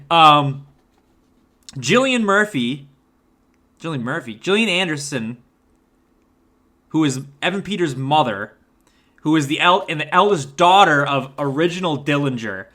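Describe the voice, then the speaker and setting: A man with a bright, fairly high voice rants through a film review. He sounds exasperated, swears freely and keeps tripping over restarts and repeated words as he rambles. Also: expressive, a little slow, pauses often. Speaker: movie reviewer.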